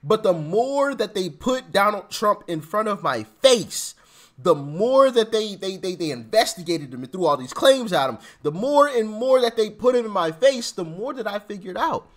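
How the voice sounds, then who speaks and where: A man hosting a casual political commentary vlog, animated and repetitive, laughing and mocking as he talks. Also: high-pitched, normal speed. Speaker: channel host.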